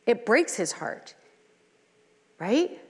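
A woman's voice: fairly high pitch, very animated, very slow, darkish tone. A middle-aged woman leading a women's Bible study in a conversational teaching style, earnest and full of personal asides and rhetorical questions. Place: church hall. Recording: long hall reverb.

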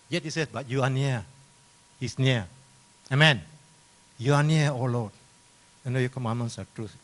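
Male pastor, slightly high voice, sermon delivery that swings between loud scripture reading and quiet explanation. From Malaysia. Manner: preaching with loud, rising emphasis when reading scripture, dropping low when explaining. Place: church.

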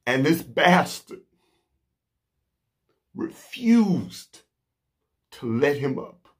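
Man, vlogger, impassioned indignant monologue, slow deliberate delivery, lively pitch. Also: slightly rough. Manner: slow, emphatic, indignant, with pauses.

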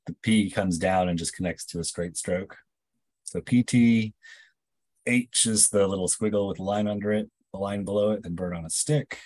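A man with a very low, slightly husky voice joins in a casual study-group discussion. He asks questions and thinks aloud tentatively, and the sound is dry and close with little room echo. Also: a little mellow. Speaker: reading group participant.

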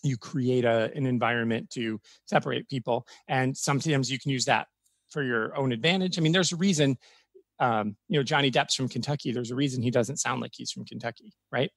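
A man from Florida, a podcast guest, talking at length in animated casual chat. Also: medium pitch, brisk, creaky, dry recording. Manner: talkative, animated storytelling.

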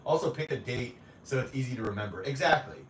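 A fast-talking young man with a medium-pitched voice runs a casual livestream, reading comments aloud and teasing viewers in a profane, jokey way with frequent laughter. He sits far from the mic, so the sound is echoey and off-mic with a faint hum.

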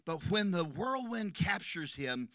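A man preaches a passionate sermon in a church, his voice pitched high and ringing very bright. He races through some phrases, slows hard on others, and climbs into shouts at the peaks. The sound is close and dry. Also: big pitch swings, no room sound. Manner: impassioned, rising to shouts at climaxes; rapid bursts of speech between slower emphatic phrases. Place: church sanctuary.

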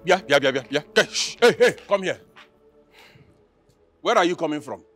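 A man's voice: a little high, expressive, moderate pace, a bit bright, soft background music. An actor playing a crude, boastful Nigerian chief who mocks his wife, with a Nigerian accent, recorded from a distance. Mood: scolding. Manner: mocking, taunting, crude. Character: boastful philandering middle-aged chief, crude. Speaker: husband and chief. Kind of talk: Nollywood film acting.

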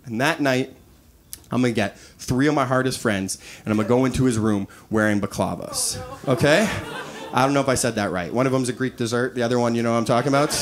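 A man in his thirties doing a stand-up comedy set, animated, acting out quoted voices and laughing at his own jokes. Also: mid-range voice. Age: 30s. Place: live comedy venue with audience. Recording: live stage recording with audience noise.

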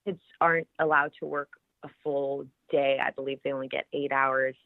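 Low-voiced woman on a tinny line. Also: normal speed, creaky, no room sound. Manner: lively, laughs often, animated storytelling. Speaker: actress, interview guest. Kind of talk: casual interview chat. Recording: tinny phone-like line, dry.

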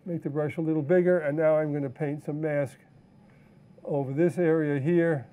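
A man teaching a live photo-editing software demonstration, explaining step by step in a relaxed way with fillers and self-corrections. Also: on the high side, moderate pace, narrow, tinny audio. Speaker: photography instructor.

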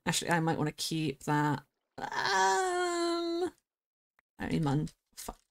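Lively, chatty woman streamer. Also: on the low side, slow pace, creaky. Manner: chatty, excitable, squeals at animals in the game. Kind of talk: casual gameplay commentary.

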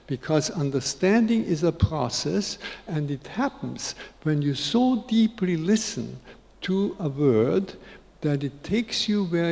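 A man in his eighties gives an unhurried, reflective spiritual talk to an audience, repeating key phrases for emphasis. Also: on the high side, gravelly, warm tone. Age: 80s. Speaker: spiritual speaker. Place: large conference hall. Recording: long reverb of a big hall.

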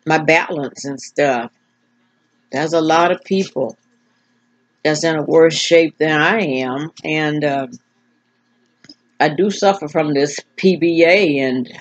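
An older woman talking frankly to her camera, with effortful speech that stumbles and repeats while she searches for words. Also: low-pitched. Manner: frank, plain-spoken. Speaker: vlogger. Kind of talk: casual personal talk to camera. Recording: dull lo-fi recording.

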